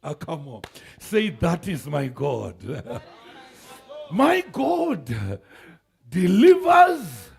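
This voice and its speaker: A man preaching a sermon, calling out to the congregation, shouting and laughing as he goes. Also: a little high, drawn-out words, creaky. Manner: animated preaching with shouts, laughs and call-and-response. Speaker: pastor. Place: church sanctuary.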